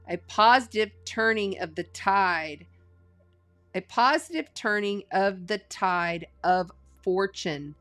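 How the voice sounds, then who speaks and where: A woman doing a live tarot reading in a casual, earnest way, offering spiritual encouragement and slowly reading card meanings aloud. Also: medium pitch, a bit bright. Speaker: astrology and tarot reader.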